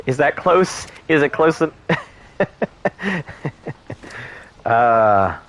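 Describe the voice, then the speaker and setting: A man's voice: a little high, animated, drawn-out words, fairly bright tone. A man streaming a survival game, chatting in a rambling, crude, joking way. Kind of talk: casual gameplay commentary.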